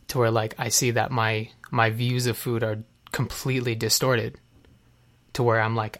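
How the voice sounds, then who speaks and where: A man's voice: mid-range voice, little pitch movement, moderate pace, fairly bright tone. A young man earnestly telling his own recovery story in a candid, confessional way, with many fillers and restarts. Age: young adult. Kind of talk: candid personal testimony.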